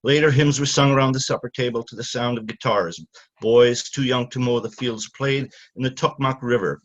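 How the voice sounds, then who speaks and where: Halting older man from Canada, dull recording. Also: medium pitch, fairly even intonation. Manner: halting, many fillers and restarts when speaking freely. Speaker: author at a reading. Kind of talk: talk then reading from his novel.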